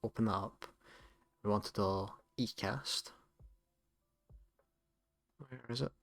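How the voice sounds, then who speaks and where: A man with a Scottish accent, hosting a casual tutorial in a relaxed, chatty way with some self-corrections. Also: fairly low pitch, slow pace, creaky. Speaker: tutorial host. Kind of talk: casual screen-recorded tutorial.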